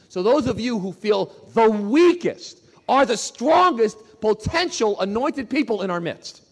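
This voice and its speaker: A male pastor preaching a sermon in an emphatic, animated way, often repeating his words. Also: high voice, unhurried, long reverb tail.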